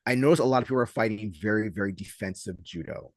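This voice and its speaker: Fast-talking low-voiced man, dry close sound. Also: no room sound. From Southern California. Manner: animated storyteller, acts out quotes loudly. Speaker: podcast co-host and judo coach. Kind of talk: casual podcast chat.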